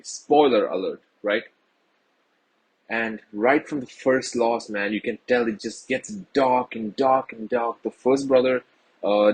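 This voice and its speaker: A man's voice: medium pitch, breathy edge, rough recording. A man giving a casual, rambling film review to his viewers, earnest and full of fillers.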